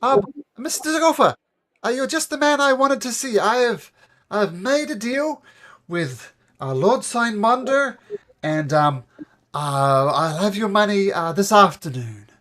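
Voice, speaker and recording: A man voicing a nervous young male halfling merchant who stammers and pleads in a high voice. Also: animated, unhurried, fairly bright tone.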